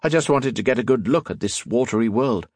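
A man voicing a polite, clever young gentleman in a storybook reading, earnest and eager. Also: mid-range voice, animated, brisk, no echo, lightly acted. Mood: curious.

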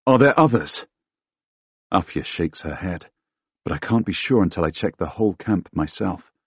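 A man narrating a first-person fantasy audiobook in a dramatic, expressive way, recorded close on a studio microphone. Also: deep voice, normal speed, husky, no room sound. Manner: dramatic, expressive, bursts into loud shouts in dialogue.

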